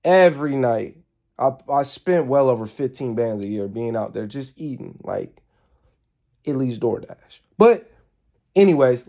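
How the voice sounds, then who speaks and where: A man telling a casual storytime on a live stream, rambling and animated as he talks straight to his viewers. He swears freely and sounds tired, with the odd yawn. His pitch sits right in the middle. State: tired, yawning.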